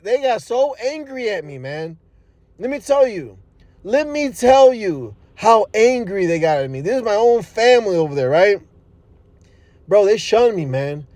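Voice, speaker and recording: Man, high voice, dry close sound; profane, animated storyteller giving a testimony. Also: no room sound. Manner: animated, profane street talk with frequent fillers; laughs at his own story.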